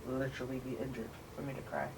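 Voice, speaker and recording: A man talks calmly and plainly, with a mid-range voice. There is clear noise under his voice. He is easygoing in the chat. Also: mid-range voice, fast. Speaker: podcast co-host. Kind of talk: casual chat. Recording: noisy background.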